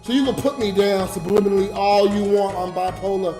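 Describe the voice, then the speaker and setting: A man's voice: high-pitched, fairly even intonation, a little fast, dark tone. A drunk man rambling emotionally to his viewers during a late-night livestream, reading donations between rants. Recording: roomy with music behind. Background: music.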